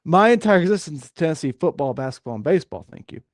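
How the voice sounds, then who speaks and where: A man's voice: a little high, very animated, quick pace, no room sound, studio quality. Frustrated, ranting sports-podcast man. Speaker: podcast co-host. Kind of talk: casual sports chat.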